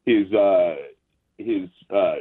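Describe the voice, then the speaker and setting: A man appearing as a guest on a talk show, speaking haltingly with many fillers and restarts. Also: low-pitched, fairly even intonation, breathy edge. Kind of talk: casual chat. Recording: tinny phone line.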